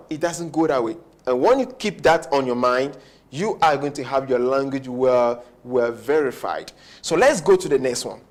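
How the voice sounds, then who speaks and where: A man teaching a French grammar lesson at a board, slowing down on key words and often checking that students follow. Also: mid-range voice, animated. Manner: repetitive, checks understanding often; slows down to stress key words. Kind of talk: whiteboard language lesson.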